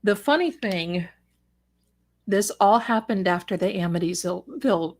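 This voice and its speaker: A woman's voice: medium pitch, unhurried. A middle-aged woman hosting a live psychic show, telling a personal story with dramatic flair and wry asides.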